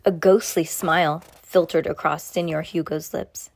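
Low-voiced woman reading a novel aloud. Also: steady tone, moderate pace, vocal fry, dry recording. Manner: unpolished reading with frequent slips and restarts. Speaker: reader.

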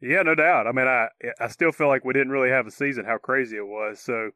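A man's voice: mid-range voice, fast talker, bright, forceful tone, no room sound. A man co-hosting a casual sports talk show, opinionated and easygoing, chuckling often. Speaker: co-host.

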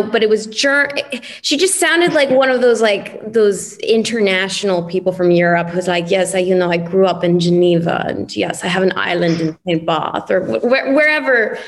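Chatty, giggly woman in a roundtable. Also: medium pitch. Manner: chatty, laughing often, stumbling over words. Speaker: actress guest. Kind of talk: roundtable conversation.

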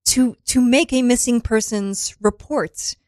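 Woman doing a soothing drama co-teacher, slow and coaxing, kinda high voice. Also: a little mellow, dry recording, studio quality, lightly acted. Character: encouraging co-teacher of a drama class.

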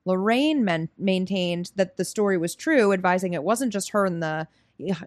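A woman's voice: fairly low pitch, expressive, moderate pace, no room sound, clean studio sound. A woman co-hosting a podcast, casually recapping a story with fillers and asides. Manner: chatty, reads excerpts aloud with fillers. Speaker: podcast co-host. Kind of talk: casual chat.

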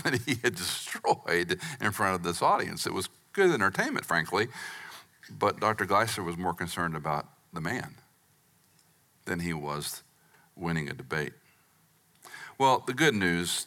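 A middle-aged man delivers a sermon as pastor, his voice sitting low but moving with lively swings in pitch. His tone is bright and forceful. He pushes up to loud emphatic peaks and then sinks to hushed, almost whispered asides. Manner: animated, rising to near-shouts for emphasis, dropping to whispers.

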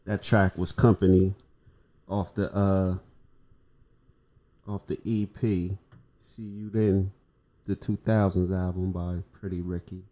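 A man's voice: sits low, little pitch movement, slow pace, long pauses, warm tone. A man, hosting a podcast. He talks in a loose, slangy way, swears freely and laughs easily, like chatting with friends. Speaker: podcast host. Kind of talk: casual podcast chat.

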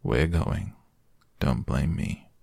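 A man's voice: very deep voice, vocal fry, warm tone, slightly rough, no echo, clean studio sound, exaggerated voice. A man voicing Eeyore, the gloomy old donkey. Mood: resigned. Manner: slow, drawn-out complaining. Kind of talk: soft bedtime storybook reading.

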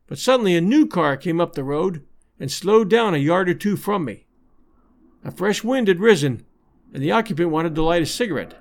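A man narrating a classic adventure novel in a measured, even storytelling manner. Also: sits high, vocal fry. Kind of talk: scripted audiobook narration.

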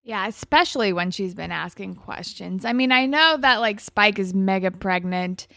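A woman's voice: mid-range voice, normal speed, gravelly, dry recording, clean studio sound. A woman co-hosting a podcast, retelling a TV episode in casual chat with "like" fillers and small restarts. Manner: steady plot summarizing with "like" fillers and small restarts. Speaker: podcast co-host.

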